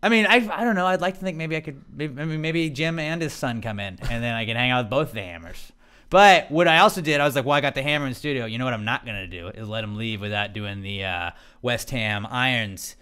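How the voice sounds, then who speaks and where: A man's voice: medium pitch, animated, fast talker, bright, forceful tone, clear, resonant tone. A man hosting a podcast in casual chat, telling stories in a rambling way with a lot of laughter. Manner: rambling, laughing storyteller full of restarts. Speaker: podcast host.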